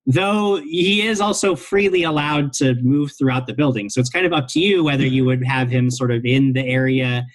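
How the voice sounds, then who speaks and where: Measured man game master. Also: mid-range voice, fairly even intonation. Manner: measured, explanatory, with hedging. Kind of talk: explaining game rules.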